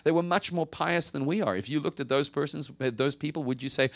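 A male pastor preaching a conversational sermon, swinging from emphatic rises to hushed drops. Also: a little high, a little fast, vocal fry.

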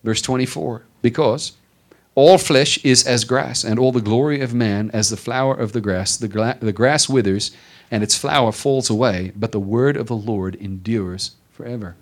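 A man's voice: medium pitch, moderate pace. Man preaching an emphatic sermon. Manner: preaching with rising emphatic repetition. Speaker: pastor.

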